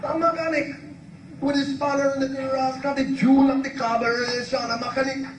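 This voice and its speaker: A comedian voicing a hapless young man whose car has broken down, in a high plaintive voice. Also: level tone, fairly quick. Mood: bewildered. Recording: echoey, noisy live recording from far off.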